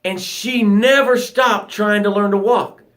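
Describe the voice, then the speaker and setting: A male motivational coach speaking live to his viewers, with a voice that sits a little high for a man. He talks dramatically, pushing hard with rising emphasis and then sinking into quiet, hushed guidance. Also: steady tone, a little slow. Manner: dramatic, swings from loud urging to soft hushed guidance. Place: home livestream. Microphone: phone or webcam, live broadcast.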